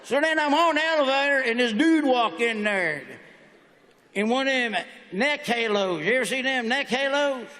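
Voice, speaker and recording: Southern stand-up comic in a big hall. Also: male voice, very high voice, bright, forceful tone. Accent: Southern American. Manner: folksy drawl, rapid-fire punchlines. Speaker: stand-up comedian. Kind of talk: stand-up comedy set. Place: large hall on stage. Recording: stage mic in a big reverberant hall.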